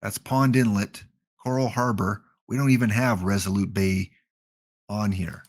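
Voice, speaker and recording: A man's voice: on the low side, fairly even intonation, unhurried, a little mellow. A man with a Canadian accent hosting a gaming livestream, chatting casually with jokey, rambling asides.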